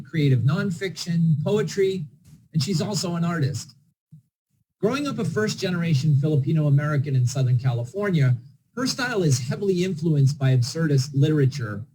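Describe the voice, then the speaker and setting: A man hosts a book launch reading, reading introductions from a script. His voice is mellow and a little high, measured and formal, with faint noise behind. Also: poor audio. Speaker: event host introducing readers.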